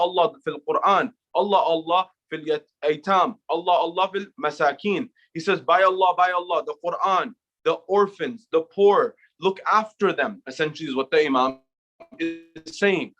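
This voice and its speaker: A man giving a measured sermon, opening with Arabic recitation and posing rhetorical questions to the audience. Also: a little high, a bit bright, dull audio. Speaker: speaker at an Islamic center.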